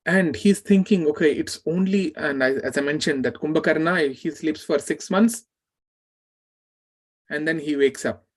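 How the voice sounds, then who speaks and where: With a fairly high pitch and a slightly slow delivery, a man leading a scripture class narrates an epic vividly and gives voice to its characters.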